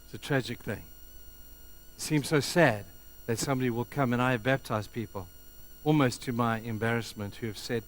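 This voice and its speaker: A man's voice: mid-range voice, fairly even intonation, normal speed, a little hiss or hum. A man who is a pastor, preaching a passionate sermon to a congregation in a church and acting out the voices he quotes. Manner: impassioned, acts out quoted voices. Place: church hall before a congregation.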